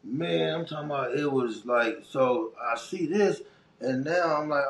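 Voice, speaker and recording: A middle-aged man from Los Angeles with a local accent, telling his life story in a casual, animated, streetwise and heartfelt way as an interview guest. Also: on the high side, a little slow, vocal fry, reverberant, a little hiss or hum.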